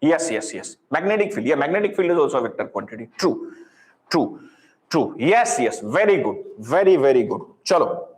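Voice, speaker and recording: Indian male physics teacher, high lively voice, praises students over and over, roomy echo. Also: normal speed. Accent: Indian English. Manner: encouraging, repeats praise, mixes Hindi. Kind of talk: live online lecture.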